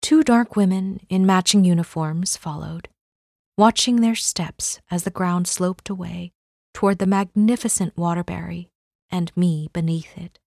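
A woman narrating a novel as an audiobook reader, in measured, unhurried storytelling. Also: fairly low pitch, vocal fry, a little mellow, no room sound, clean studio sound. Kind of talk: scripted narration.

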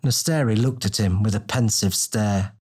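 A man narrating a fantasy audiobook in a steady, descriptive storytelling manner. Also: lowish voice, moderate pace, slightly rough.

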